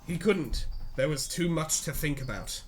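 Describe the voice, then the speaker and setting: A man's voice: on the high side, moderate pace, soft background music. A man reading a story aloud to friends, breaking off for sarcastic jokes and laughing between lines. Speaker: reader and co-host.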